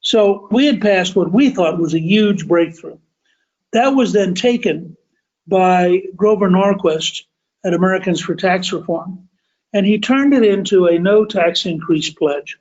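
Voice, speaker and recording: A man's voice: sits high, measured pace, darkish tone, lo-fi sound. An older man hosting a podcast, recounting political history in a storytelling way. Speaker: podcast host. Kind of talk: storytelling commentary.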